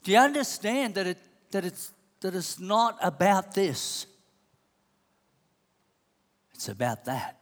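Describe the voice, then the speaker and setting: A sermon from a man whose voice is high-pitched and a little slow. Emphatic throughout, he repeats rhetorical questions, his words echoing with the long reverb of a church hall.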